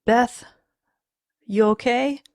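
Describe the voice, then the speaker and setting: A woman's voice: mid-range voice, slow, gravelly, darkish tone, husky, exaggerated voice. A woman reading a story aloud, voicing a terrified young husband who pleads and then screams in panic. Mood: screaming.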